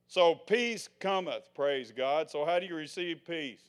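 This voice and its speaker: An older man preaching a sermon in a folksy way, swinging from loud proclamations to hushed asides. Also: fairly high pitch, a little slow, few pauses, clear, resonant tone. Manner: folksy, acts out the scenes he tells.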